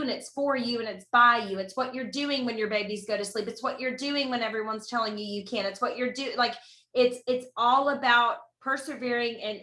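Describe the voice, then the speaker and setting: Casting note: bright, fairly high-voiced woman hosting a team video call, echoey room. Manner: earnest, rallying, repeats key phrases. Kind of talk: motivational pep talk.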